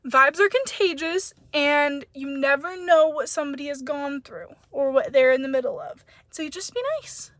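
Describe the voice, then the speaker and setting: A woman's voice: high voice, moderate pace, hardly any pauses, dry recording. A young woman telling a story to her phone in a casual, chatty vlog, acting out the dialogue. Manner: chatty, animated, acts out dialogue. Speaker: vlogger.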